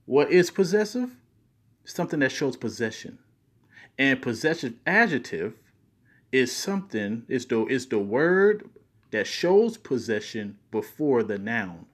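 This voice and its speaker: A man's voice: mid-range voice, sing-song, unhurried. A man with a speech impediment teaching from scripture in a video, stressing key words as he reads verses aloud. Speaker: Bible teacher.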